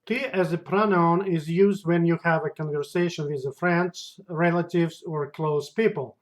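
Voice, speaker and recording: A man's voice: fairly high pitch, fairly even intonation, normal speed. A man with a Russian accent teaching a language lesson, saying each word with care and repeating it several times. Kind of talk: slow spoken language lesson.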